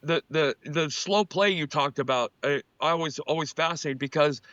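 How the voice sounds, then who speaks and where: Man, former pitcher, casual storytelling, bright voice, slightly dull dry sound. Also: normal speed, dry recording. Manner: animated anecdotes, frequent restarts. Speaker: former MLB pitcher, co-host.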